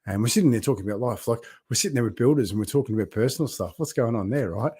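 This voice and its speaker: A man's voice: mid-range voice, lively intonation, very fast, dark tone, husky, no echo, studio quality. A middle-aged man talking in a heartfelt, rambling way on a casual live video diary, laughing often and greeting viewers by name. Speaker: vlogger and builders' coach.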